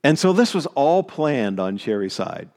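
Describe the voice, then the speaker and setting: A man's voice: medium pitch, very animated, measured pace, darkish tone. A middle-aged man from Maritime Canada preaching a sermon, telling a story and repeating phrases for emphasis. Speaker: pastor.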